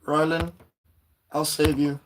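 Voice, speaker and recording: A man hosting a casual livestream, greeting viewers and rambling excitedly about shows and quotes, with a voice still a little hoarse. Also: a little high, slow, slight background noise. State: voice slightly hoarse, recovering. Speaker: livestream host reading chat.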